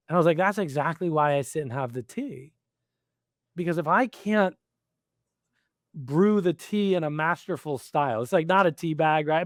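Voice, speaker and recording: A middle-aged man talking as a guest in a casual interview, animated and quick to laugh, acting out his own quoted lines. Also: high voice, no echo, clean studio sound. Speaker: podcast guest, executive coach.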